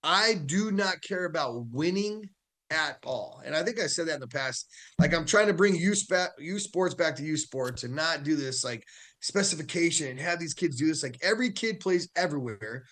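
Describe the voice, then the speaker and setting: An upbeat american man talking football on a radio show, his voice sitting a bit high. he laughs easily and often restarts his sentences as he goes. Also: animated, normal speed, a bit bright. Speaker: high school football coach, weekly guest. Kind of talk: casual radio show chat.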